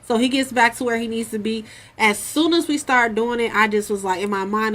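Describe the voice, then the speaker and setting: A woman's voice: on the high side, a little fast, fairly bright tone, slight background noise. A woman co-hosting a casual talk show, blunt and profane, telling stories about her dating life. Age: adult with a son. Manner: blunt and profane, tells stories with acted quotes. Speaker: podcast co-host. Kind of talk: frank casual girl talk.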